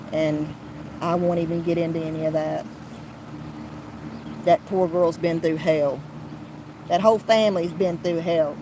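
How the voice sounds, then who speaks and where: Slow, blunt woman podcaster. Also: fairly low pitch, background noise. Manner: blunt and heated, with frequent restarts and profanity. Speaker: podcast host. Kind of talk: casual commentary podcast.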